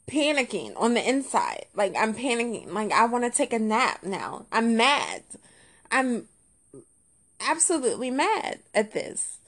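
A woman hosting a podcast, telling a story in casual chat with lots of repetition, jumping between low muttering and high, indignant exclaims. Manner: colloquial, repeats phrases. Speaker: podcast host.

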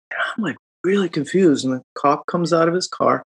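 A middle-aged man, recounting a personal story in an interview, animated and reflective, with quick laughs and fillers. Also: on the high side, gravelly, breathy edge. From Chicago, United States. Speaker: guest.

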